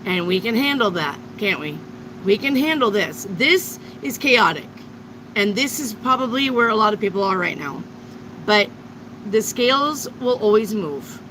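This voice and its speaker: A woman's voice: medium pitch, animated, measured pace, noisy background. A woman giving a live tarot reading to viewers, blunt and emphatic, with frequent swearing. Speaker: tarot reader.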